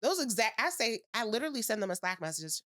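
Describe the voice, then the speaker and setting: A woman hosts a podcast in casual conversation, her voice riding high and swinging widely in pitch. She is playful and self-mocking. The sound is dry and close. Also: big pitch swings, fast talker, fairly bright tone, no room sound. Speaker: podcast host.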